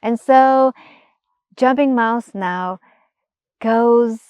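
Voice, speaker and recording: A woman telling a traditional story in a slow, expressive voice that sometimes sinks to a near-whisper. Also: a little high, smooth, dry recording. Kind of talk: gentle storytelling narration.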